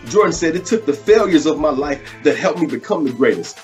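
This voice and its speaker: A man's voice: fairly high pitch, animated, a little fast, darkish tone, faint music behind. A man hosting a live online show who delivers a short sermon, speaking casually with fillers and building into preacherly rhetorical questions. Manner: preacherly, repetitive rhetorical questions, rising intensity; casual, many fillers and restarts. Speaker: host.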